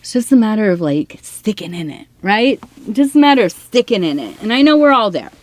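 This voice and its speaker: A woman's voice: mid-range voice, big pitch swings, fairly quick, no echo. Earnest woman giving a tea leaf reading. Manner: earnest, heartfelt, talks straight to viewers. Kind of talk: casual spoken reading to viewers.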